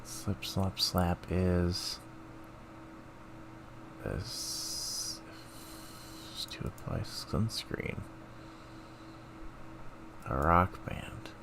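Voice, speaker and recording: A man's voice: low voice, drawn-out words, vocal fry, long pauses, background noise. A man streaming live, thinking aloud in a self-mocking casual way while taking quizzes.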